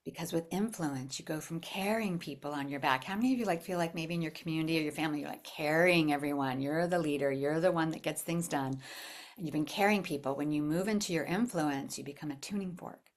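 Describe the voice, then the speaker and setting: Female workshop leader, low voice, expressive, acts out quotes, drops to whispers. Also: fast. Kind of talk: live workshop teaching to a group.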